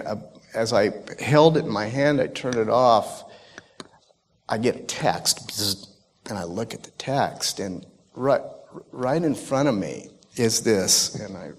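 Halting man giving church testimony. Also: lowish voice, long reverb tail. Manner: halting, emotional, many restarts. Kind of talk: personal testimony.

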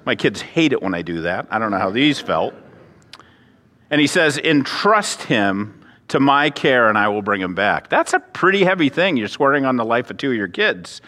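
Male pastor, animated preaching, lively swooping pitch, long hall reverb. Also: moderate pace. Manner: animated, acts out the characters' voices; conversational, self-deprecating asides. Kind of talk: expository sermon.

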